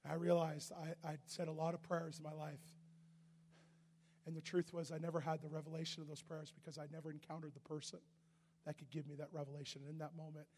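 A man preaching a sermon, telling a story animatedly and often shouting, with a husky voice. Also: on the high side, completely flat delivery, fast talker, big-room sound, a little hiss or hum.

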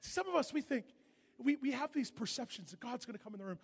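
A man preaching a sermon, telling a story animatedly and often shouting, with a husky voice. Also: very high-pitched, animated, fast talker, in a large hall.

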